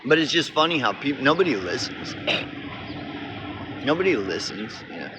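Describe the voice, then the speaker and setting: A man's voice: mid-range voice, big pitch swings, a little slow. A man from Oklahoma vlogging outdoors beside a road, in a rambling, cynical, profane rant that often restarts. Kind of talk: casual rant to camera. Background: passing traffic.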